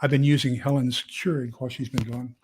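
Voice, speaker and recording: A man's voice: medium pitch, little pitch movement, fairly quick, darkish tone, slightly rough. A man hosting a casual livestream, rambling with many fillers and repeated words as he reads viewer comments. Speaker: prepper channel host.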